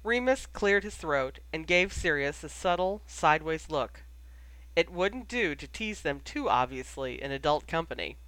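An audiobook reader narrates a story in an even, measured way. The voice sits mid-pitched. The sound is dry and close. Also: no room sound. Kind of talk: fan fiction audiobook narration.

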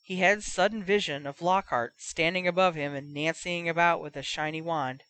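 A woman reading a fan fiction story aloud in a measured narration. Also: lowish voice, fairly bright tone. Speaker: audiobook reader.

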